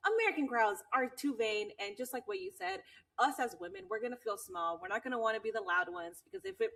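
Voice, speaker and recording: A woman co-hosting a podcast in a casual, animated chat. Her voice is on the high side and swings widely in pitch, and she laughs and swears freely. She sits a little back from the microphone. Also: fast talker, vocal fry, far from the mic. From Latina. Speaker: podcast co-host.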